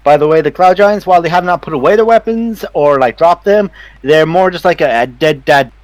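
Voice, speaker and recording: A man running a tabletop game as game master, narrating in an animated, laughing way. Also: a little high, a little fast, no room sound.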